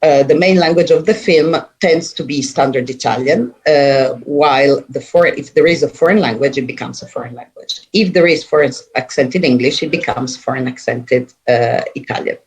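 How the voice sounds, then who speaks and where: A presenter giving an academic conference talk in a measured, halting way, with frequent pauses. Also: mid-range voice, husky. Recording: dull muffled recording.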